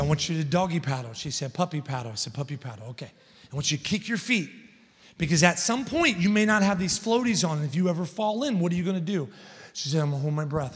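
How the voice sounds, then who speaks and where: A guest preacher with a high male voice delivers a sermon in a large church hall, his words carrying a long reverb. He tells stories that build up to loud, emphatic points.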